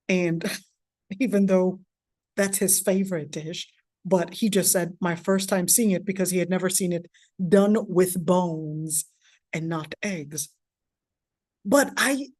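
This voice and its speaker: A woman's voice: medium pitch, no room sound, clean studio sound. A woman from Palestine, in her thirties, giving a casual lecture with personal anecdotes, chatty with frequent restarts and asides.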